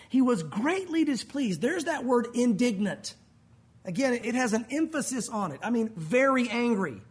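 High-voiced husky male pastor preaching. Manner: animated, acts out voices of people he quotes. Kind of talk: sermon.

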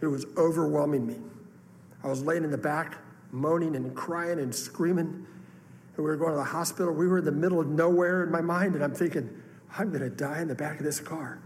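In a fairly high, steady voice and at a fairly quick pace, a man delivers a sermon built on an earnest, emotional personal testimony that swells into outbursts. There's long hall reverb, faint room ambience and a little hiss or hum.

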